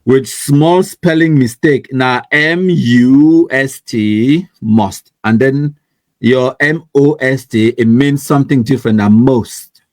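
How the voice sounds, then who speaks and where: A man's voice: mid-range voice, slow, no room sound. A man with a Cameroonian accent mixing English and Pidgin, hosting a casual live stream and teasing his way through viewers' comments. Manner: chatty and teasing, laughs often, reads viewer comments aloud. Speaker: online news show host.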